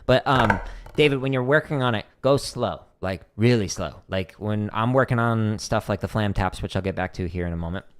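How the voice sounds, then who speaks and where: A man teaching drum technique on a livestream, answering viewer questions in a relaxed, explanatory way with lots of fillers. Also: on the low side, brisk, slight background noise.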